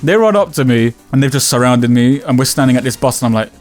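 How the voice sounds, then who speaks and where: A man's voice: medium pitch, fast talker, faint music behind. A man telling a story casually, swearing and slipping into slang as he acts out what people said. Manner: animated, swears freely, slangy, acts out quotes.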